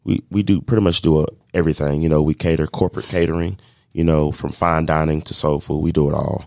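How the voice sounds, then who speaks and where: Deep gravelly man telling a story. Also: fast, no room sound, studio quality. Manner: animated storyteller acting out his own past thoughts. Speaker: catering business owner. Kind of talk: casual storytelling on a podcast.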